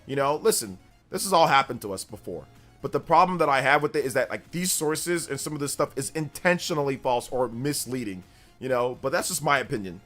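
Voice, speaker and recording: A man's voice: mid-range voice, animated, a little fast, fairly bright tone, soft background music. A man in his forties hosting a gaming livestream, chatting casually in a blunt, rambling way that repeats itself.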